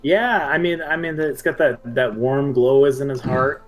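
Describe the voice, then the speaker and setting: A man's voice: medium pitch, steady tone, moderate pace. Guy playing a tabletop game, stumbles and restarts a lot, faint music under it. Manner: hesitant, lots of restarts and fillers. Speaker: player. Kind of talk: casual tabletop play.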